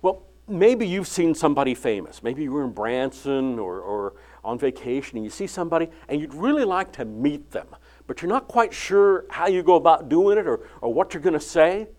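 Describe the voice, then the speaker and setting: An older man preaching a sermon, retelling the Bible story and acting out its dialogue with lively inflection. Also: a little high, normal speed. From California.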